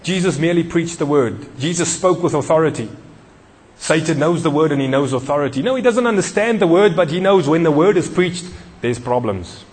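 A man preaching in a church with a fairly high voice. He drives each point home with repetition and questions to the listeners. His words ring out in a long echoing hall. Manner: emphatic, repeats key phrases, questions the congregation. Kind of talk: sermon.

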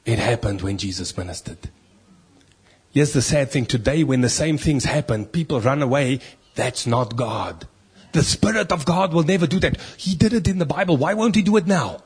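A man's voice: medium pitch, animated, normal speed, breathy edge. A man preaching a sermon in church, emphatic, asking rhetorical questions and reading scripture aloud.

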